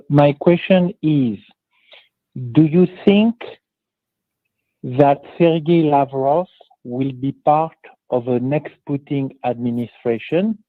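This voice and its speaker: A male caller doing a hammy fake French accent, coming through a thin, tinny phone line. He speaks slowly in a slightly high voice, with a dry, close sound. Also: no echo. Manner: phony French accent put on.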